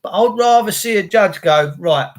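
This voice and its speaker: Bloke hosting a stream, rambly and blunt, higher voice. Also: male voice, lively intonation, normal speed. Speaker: livestream host. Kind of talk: casual rambling livestream rant.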